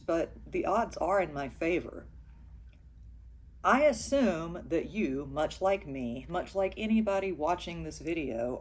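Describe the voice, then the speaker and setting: A woman co-host speaking earnestly and directly to one person, in a measured way. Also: low voice, slight background noise. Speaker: podcast co-host. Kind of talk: direct address to camera.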